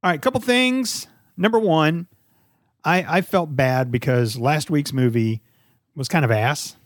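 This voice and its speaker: A man's voice: on the high side, measured pace, no room sound, studio quality. A middle-aged man co-hosting a casual podcast with his son, talking in a joking, playful way. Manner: joking, playful, lively delivery. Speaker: podcast co-host, father. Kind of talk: casual chat.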